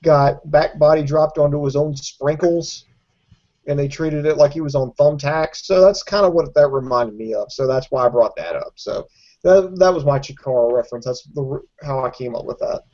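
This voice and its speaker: A man's voice: on the high side, moderate pace, darkish tone. A man from Alabama co-hosting a casual wrestling review show, dry and sarcastic. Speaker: podcast co-host. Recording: dull lo-fi audio.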